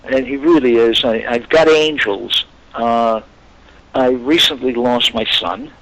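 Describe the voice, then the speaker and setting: Gravelly older man telling stories. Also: medium pitch, unhurried, slight background noise, low-quality recording. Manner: animated anecdotes, acts out quoted voices. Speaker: guest actor. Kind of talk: storytelling interview chat.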